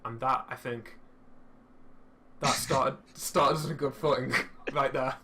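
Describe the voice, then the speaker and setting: A young man telling a story in casual chat while streaming a game, swearing freely and animated. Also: medium pitch, unhurried, noisy background.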